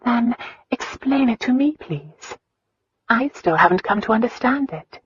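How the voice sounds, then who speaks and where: A woman voicing a spirited young noblewoman, pitched high. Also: animated, breathy edge, dry recording, lo-fi sound, faint music behind, full character voice. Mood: earnest pleading. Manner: earnest, pleading, quick to bristle. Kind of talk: audiobook dialogue.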